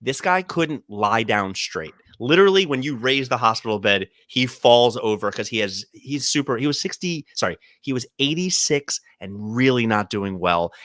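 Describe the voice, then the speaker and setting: A man co-hosting a podcast in casual chat, his voice bright and ringing, swinging widely up and down as he tells a story. He jumps into quoted voices along the way. The sound is dry and close. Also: medium pitch, animated, normal speed, hardly any pauses, dry recording. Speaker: podcast co-host. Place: podcast studio.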